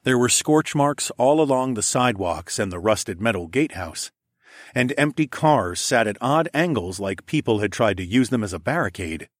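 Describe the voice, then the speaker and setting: A man narrates an audiobook in the first person, telling the story steadily and evenly. His voice is mid-range at a moderate pace, in a dry, clean studio recording.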